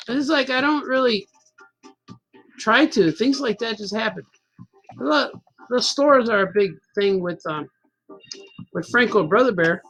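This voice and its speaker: A man's voice: very high-pitched, lively intonation, slow pace, long pauses, a bit bright, faint music behind. A man in his fifties telling a rambling, self-mocking story in a casual chat as a cartoonist host. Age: 50s. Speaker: cartoonist hosting a stream.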